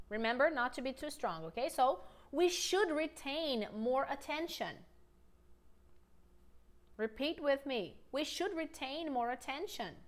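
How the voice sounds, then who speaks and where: High-voiced upbeat woman teaching English. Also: a bit bright. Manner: upbeat, coaxing, slows down for model sentences. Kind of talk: online English lesson with repetition drills.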